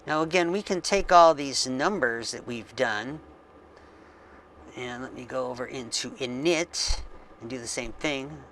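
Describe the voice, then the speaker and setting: A man hosting a coding tutorial, thinking aloud slowly with frequent ums as he works on screen. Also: mid-range voice, a bit bright, a little hiss or hum. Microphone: desk mic with face cam.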